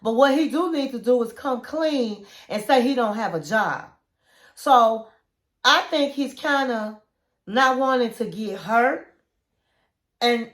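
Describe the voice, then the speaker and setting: Chatty woman recapping, slightly high voice. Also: a little slow. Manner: chatty, opinionated, calls viewers honey. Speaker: reality TV recap vlogger. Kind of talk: casual chat to camera.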